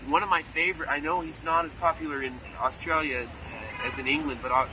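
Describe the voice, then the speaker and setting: A man in an animated interview, telling playful stories and slipping briefly into character voices, recorded outdoors near traffic. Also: fairly high pitch, brisk. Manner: playful storyteller who slips into character voices. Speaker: actor interviewee. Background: street and car noise.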